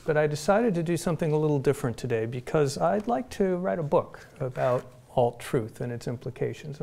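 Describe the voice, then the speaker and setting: Gravelly-voiced middle-aged man lecturing. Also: on the high side, darkish tone. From Phoenix, Arizona, US. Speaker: guest lecturer. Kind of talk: reading a prepared lecture. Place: lecture hall.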